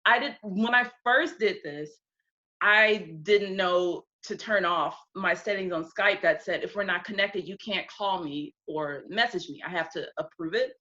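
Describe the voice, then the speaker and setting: A woman in her twenties tells stories in a loose, chatty interview and slips into the voices of people she quotes. Her voice is bright and forward. It comes through dull lo-fi video-call audio. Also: fairly low pitch, a little slow. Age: 20s. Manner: chatty storyteller, often acts out quotes. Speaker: guest. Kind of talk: casual interview chat.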